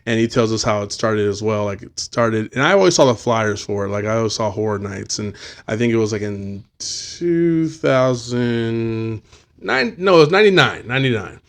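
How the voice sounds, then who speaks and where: A man's voice: fairly low pitch, expressive, moderate pace. Profane, rambling man telling stories. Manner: profane, storytelling, acts out voices. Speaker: podcast host. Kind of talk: casual chat.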